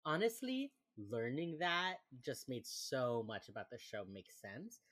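A woman's voice: rumbling low, measured pace, slightly rough. A woman co-hosting a casual podcast, recapping a TV episode and acting out characters' lines. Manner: animated, acts out quotes. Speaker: podcast co-host.

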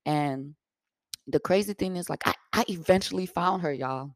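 Blunt young woman with a gravelly, dry voice. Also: lowish voice, moderate pace, no echo. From Africa. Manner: blunt, profane, animated retelling. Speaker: podcast host. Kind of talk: casual storytelling.

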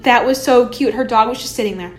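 A chatty young woman with a fairly high voice, full of "like" and eager questions. She hosts a casual podcast talk with the easy energy of a college radio DJ. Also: brisk. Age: young adult. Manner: chatty, eager, many "like" fillers. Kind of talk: casual chat.

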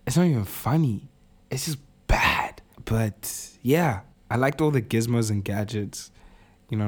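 A man's voice: fairly low pitch, a little mellow. A man co-hosting a podcast in casual chat, blunt and enthusiastic, swearing freely. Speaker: podcast co-host.

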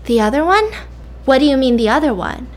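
A woman's voice: high voice, lively intonation, brisk, slight background noise. A woman voicing a fierce scheming young heroine. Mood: furious. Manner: urgent, scheming. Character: determined young woman planning a fight.

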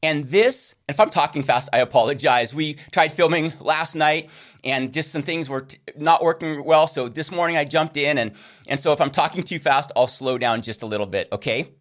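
A man's voice: on the high side, moderate pace, a bit bright. A man teaching a recorded Christian course lesson, earnest and checking in with listeners with a frequent "okay?".

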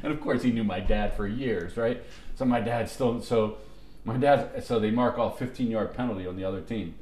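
A man's voice: on the low side, moderate pace, darkish tone, roomy sound, a little hiss or hum. A middle-aged man telling long, rambling, profane stories to friends on a podcast, with restarts and laughter. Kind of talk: casual storytelling among friends.

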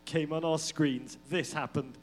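A man's voice: fairly high pitch, steady tone, a little slow, slight background noise. A man co-hosting a live comedic football podcast, telling stories in a playful, mock-dramatic way and laughing often. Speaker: podcast co-host. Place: live show venue.

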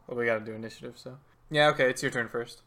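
A man narrates a tabletop game as its game master. He keeps a laid-back pace and chuckles often as he describes each turn. His voice sits at a middling pitch. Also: steady tone, very fast, background noise.

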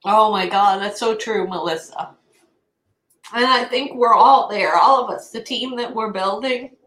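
A woman of middling pitch co-hosts a casual chat, warm and easily moved to tears. The room adds a noticeable echo. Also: unhurried. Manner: warm, tearful, laughs easily. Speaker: co-host. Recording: echoey room.

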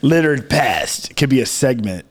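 A man's voice: mid-range voice, sing-song, a little slow, husky. A man co-hosting a casual comedy podcast, rambling through a bit and laughing often. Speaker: podcast co-host.

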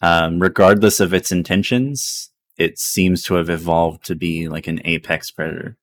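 Man, very low voice, game master, laid-back narration, frequent laughter. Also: steady tone, moderate pace. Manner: laid-back, laughs often, describes creatures at length.

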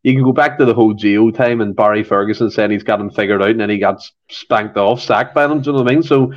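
A man's voice: lowish voice, fast. A Scottish man talking in an emphatic, riled-up way as a guest on a football podcast. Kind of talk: casual chat. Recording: dull lo-fi audio.

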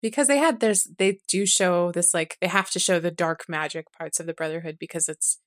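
A woman co-hosting a casual book podcast, retelling scenes in a lively way with acted quotes. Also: lowish voice, fairly quick. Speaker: podcast co-host.

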